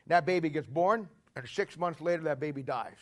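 A man preaching a sermon in a folksy, emphatic way, joking with the congregation and rising to shouts. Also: fairly high pitch, animated, moderate pace. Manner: jokes with the congregation.

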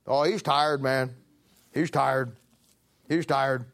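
A man's voice: medium pitch, fairly even intonation, takes it slowly, creaky, long pauses, a bit bright. A man preaching a sermon, animatedly acting out a biblical figure's complaints. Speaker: pastor.

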